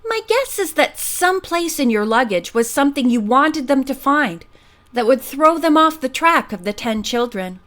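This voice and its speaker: A calm young sleuth, read by a woman, answers with easy confidence. Her voice stays light and high. She sounds cheerful and sure of herself. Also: moderate pace.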